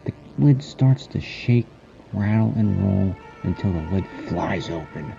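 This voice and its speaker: A man narrating a horror short story in a slow, dramatic storytelling manner. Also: low voice, lively intonation, creaky, warm tone, highs cut off, faint music behind.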